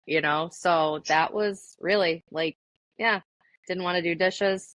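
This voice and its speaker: A woman's voice: fairly low pitch, steady tone, slow, a bit bright, no room sound. A young adult woman telling her story as an interview guest in a casual, chatty way, full of likes and ums. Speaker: interview guest, army veteran.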